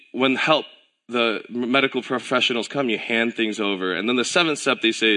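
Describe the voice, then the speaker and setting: A man delivers a relaxed, conversational sermon, as if he were chatting with friends. His voice is bright and forward. He tells stories animatedly and slips into the voices of the people he quotes. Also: mid-range voice. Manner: relaxed storytelling with filler words and self-corrections. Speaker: pastor.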